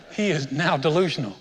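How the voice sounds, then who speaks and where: A hoarse man preaching a conversational sermon as pastor, joking and talking straight to his congregation in a church. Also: fairly high pitch. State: hoarse, sounds sick. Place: church sanctuary. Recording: long hall reverb.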